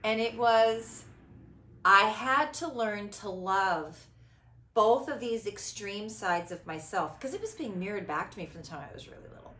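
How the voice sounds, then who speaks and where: A woman in her fifties who talks in a reflective, conversational way as a podcast host, acting out quoted voices and moving between loud and hushed tones. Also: mid-range voice. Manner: expressive, theatrical, quick shifts between loud and hushed. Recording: echoey room.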